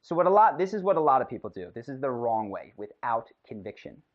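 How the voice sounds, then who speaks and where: A man's voice: medium pitch, very animated, fast talker, dull audio. A man teaching a recorded video lesson, explaining in an emphatic way and acting out sample lines. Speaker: communication instructor.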